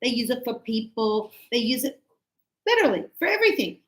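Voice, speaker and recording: A woman English teacher giving a classroom grammar lesson, talking slowly and deliberately and stretching out key words. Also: a little high, lively intonation, fairly bright tone. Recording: echoey classroom.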